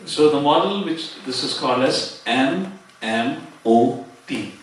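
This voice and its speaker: In a temple seminar hall, a man presents a religious seminar step by step, quoting scripture and using fillers. His medium-pitched voice has lively intonation and a slow pace, picked up by a distant mic in a very echoey hall with a little hiss or hum.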